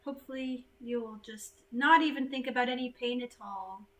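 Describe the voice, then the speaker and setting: A woman from the United States hosting a casual livestream chat, chatty and animated, laughing easily. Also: on the high side, normal speed, rough recording.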